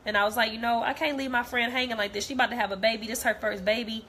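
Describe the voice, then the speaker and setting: A woman's voice: on the high side, fairly even intonation, rapid-fire, fairly bright tone, slight background noise. A young woman talking straight to camera, blunt and heated, repeating herself as she vents. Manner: blunt, repetitive, heated, profane. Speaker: vlogger. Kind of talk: direct-to-camera rant.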